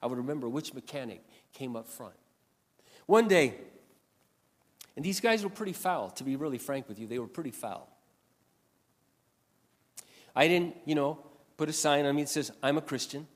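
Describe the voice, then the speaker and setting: A man preaching a sermon in a storytelling way, animated and swinging between loud passages and quiet asides. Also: on the high side, moderate pace, long pauses, long reverb tail. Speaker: pastor.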